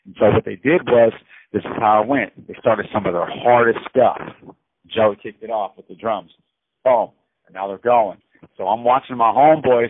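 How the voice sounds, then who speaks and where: A man tells a rambling story in a casual, animated way, dropping "bro" into almost every line and circling back over his own words. The sound is dry and thin, squeezed through a phone line. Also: on the low side, normal speed, breathy edge, dry recording. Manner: rambling and animated, says "bro" constantly, repeats himself. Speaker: incarcerated storyteller. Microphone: prison phone.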